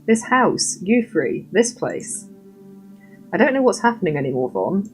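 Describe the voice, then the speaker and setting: A woman's voice: mid-range voice, sing-song, a little slow, soft background music, poor audio. A woman reading the lines of a frustrated young heroine in a story game, insistent. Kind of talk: reading game dialogue aloud.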